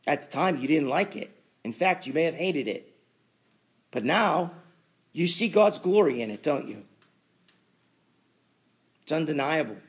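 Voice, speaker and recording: A man preaching a sermon as pastor, building to emphatic loud peaks and then dropping to quiet asides. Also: fairly high pitch, expressive, a little slow, long pauses, slightly rough.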